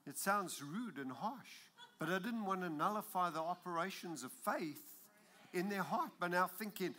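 Male preacher, high-pitched and bright, emphatic sermon delivery with loud peaks. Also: expressive, a little slow, slight background noise. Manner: emphatic, rises to loud exclamations.

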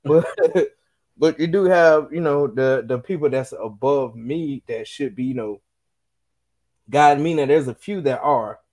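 A young man talking on a casual podcast in an ordinary mid-range voice. He swears freely and tells animated stories, slipping into the voices of the people he quotes. The talk is loose and conversational. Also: mid-range voice, a little slow. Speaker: podcast co-host.

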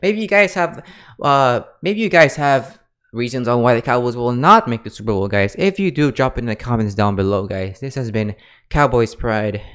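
A man's voice: medium pitch, animated, normal speed, a bit bright, smooth. A man giving casual, emphatic sports fan commentary to camera, a bit out of breath, tacking "guys" and "okay?" onto his points. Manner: emphatic, fired-up, says "guys" and "okay?" a lot.

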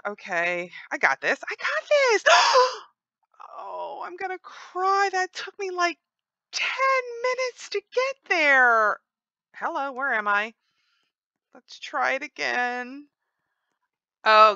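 A woman commentating her own gameplay, her bright voice swinging widely in pitch as she exclaims and teases her viewers. The recording is dry and a bit dull, like a home desk mic. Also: smooth, no room sound. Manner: exclaiming, playfully boastful, chatty to viewers. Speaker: gaming channel host. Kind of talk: let's-play commentary.

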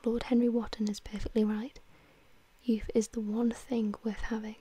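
A woman's voice: a little high, level tone, moderate pace, mellow, slight background noise, lightly acted. A woman whispering the part of an anguished, vain young man in a whispered role-play reading.

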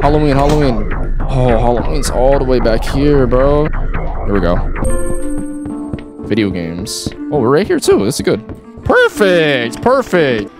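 A man doing excitable let's play commentary at his gaming setup, trash-talking game characters and yelling when startled. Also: medium pitch, unhurried, over music. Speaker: gaming YouTuber.

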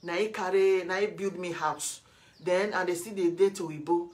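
A woman's voice: fairly low pitch, fairly even intonation, normal speed, a little mellow. A middle-aged Nigerian woman from Edo State speaking Nigerian Pidgin English, scolding a rival in a lecturing vlog monologue full of rhetorical questions. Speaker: vlogger.

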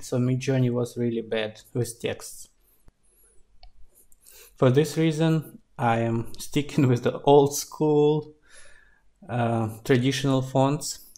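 Relaxed man narrating a game-dev tutorial. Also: mid-range voice. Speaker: indie game developer. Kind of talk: screen-recorded tutorial narration.

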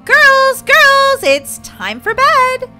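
A woman's voice: very high-pitched, very animated, very slow, over loud music, full character voice. A woman voicing an anxious, overprotective mother of two girls in a game role-play, scolding in an exaggerated, worried way. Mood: firm. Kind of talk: casual role-play voice acting.

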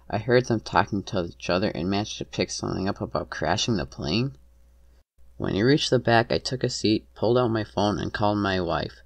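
A man tells a dramatized story in the first person with earnest tension. His voice sits low with a gravelly fry. The recording is dry and close to the mic. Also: no room sound. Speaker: narrator.

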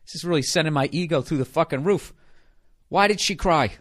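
A man's voice: on the high side, a little fast, fairly bright tone. A man hosting a comedy podcast, ranting in a profane, sarcastic monologue. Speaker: podcast host.

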